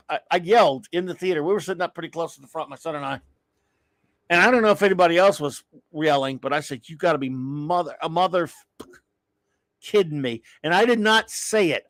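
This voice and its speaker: Middle-aged male host, exasperated and rambling, fairly high voice, dry recording. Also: a bit bright, no room sound. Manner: exasperated, rambling, with sighs and restarts. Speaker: show host. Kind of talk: casual live-stream rant.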